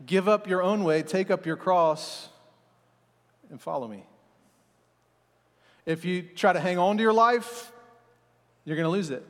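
A man preaching a sermon as pastor, telling the story in a lively, casual way and voicing the disciples in everyday speech. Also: sits high, unhurried, pauses often, big-room sound.

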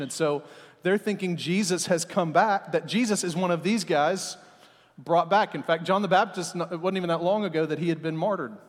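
A man preaching a sermon as pastor, telling the story in a lively, casual way and voicing the disciples in everyday speech. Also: sits high, in a large hall.

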